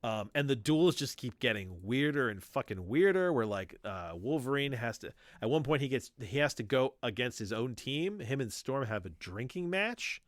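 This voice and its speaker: A man of ordinary pitch hosts a casual podcast from home. His voice rises and falls a lot as he acts out quoted lines and swears with enthusiasm. The sound is dry and close, with no room echo. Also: big pitch swings, moderate pace, few pauses. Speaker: podcast host. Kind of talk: casual chat about comics.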